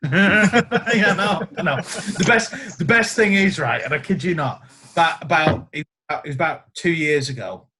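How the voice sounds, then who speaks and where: A man's voice: on the high side, measured pace. A man, a guest guitarist, telling stories in casual podcast chat and acting out the quotes. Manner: animated storyteller acting out quotes.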